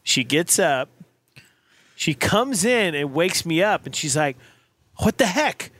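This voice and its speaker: Bright, lively man telling stories. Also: a little high, slow pace. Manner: laughing, storytelling. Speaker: podcast host. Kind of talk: casual chat.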